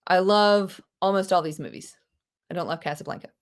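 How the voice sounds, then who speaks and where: A woman teaching a live online English class, animated and chatty, with gasps and quick asides to her students. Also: fairly low pitch. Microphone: video call.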